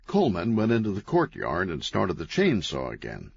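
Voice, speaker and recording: A man narrating an audiobook in a wry, deadpan storytelling manner. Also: lowish voice, normal speed, gravelly, slightly rough, dry recording. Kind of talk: scripted narration. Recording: dull, lo-fi, dry.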